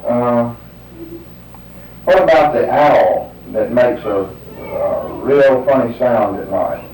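A man's voice: mid-range voice, slow, a little mellow, a little hiss or hum. A man interviewing someone, hesitantly prompting answers with example sentences. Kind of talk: dialect survey questioning. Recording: roomy, distant mic.

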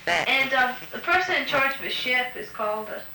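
A woman conducts a structured question-and-answer interview, patiently asking prompt questions and saying um frequently. Her high voice swings widely in pitch at normal speed, sounding pushed and bright, in a roomy recording with background hiss.

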